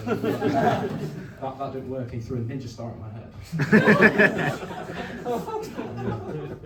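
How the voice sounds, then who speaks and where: Deadpan young comedian in a roomy club. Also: male voice, on the high side, slow pace, crowd noise. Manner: deadpan, hesitant with stammered restarts. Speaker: stand-up comedian. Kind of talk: stand-up comedy set. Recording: roomy venue mic from a distance. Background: audience laughter.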